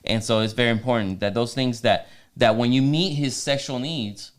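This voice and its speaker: A man with a medium-pitched voice speaks at a moderate pace as co-host of a faith-based marriage podcast. He's earnest but casual, restarting his sentences often and tossing in teasing asides.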